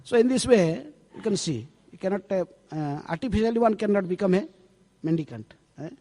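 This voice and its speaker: A man's voice: high-pitched, lively intonation, brisk, mellow. A man, a swami giving a storytelling scripture lecture in a temple hall, chatty and checking in with frequent rhetorical "eh?". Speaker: preacher, swami. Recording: long hall reverb.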